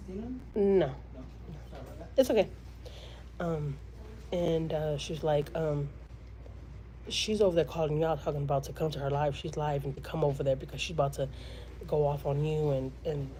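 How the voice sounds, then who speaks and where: A woman's voice: low-pitched, mellow, a little hiss or hum, low-quality recording. A woman from Houston, telling a story to her live-stream viewers in a chatty way, with lots of fillers. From Houston, Texas. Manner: chatty, many fillers, quotes others dramatically.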